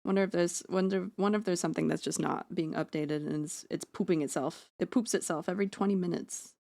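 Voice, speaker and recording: A woman's voice: fairly low pitch, fairly even intonation, brisk, gravelly, darkish tone. A woman streamer talks loosely into a close microphone at home. She rambles, makes jokes at her own expense and swears freely. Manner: rambling, self-deprecating, swears freely, jokey asides. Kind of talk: casual live-stream chat while drawing. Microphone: close streaming mic.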